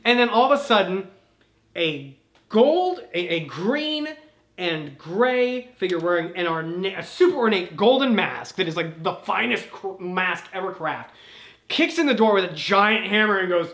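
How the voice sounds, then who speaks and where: A man's voice: sits high, animated, moderate pace, pushed and bright. Rambling, profane man in an echoey room. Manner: rambling, profane, laughs often. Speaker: host. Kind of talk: casual lore recap.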